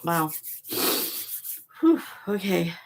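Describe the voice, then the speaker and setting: Slow, gravelly-voiced woman host. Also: fairly low pitch, big pitch swings. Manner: slow, soft and emotional, reads aloud with pauses. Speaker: channel host reading oracle cards. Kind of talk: casual spiritual vlog.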